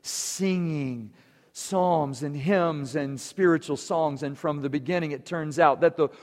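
A man's voice: on the high side, measured pace, a little mellow. A man preaching a sermon to his congregation, earnest and emphatic. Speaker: pastor. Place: church sanctuary. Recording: long church reverb.

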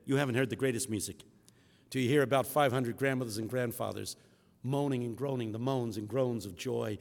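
A man preaching a sermon with call-and-response rhythm, swinging from shouts to hushed tones in a large hall. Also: mid-range voice, fast, gravelly. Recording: echoey hall reverb.

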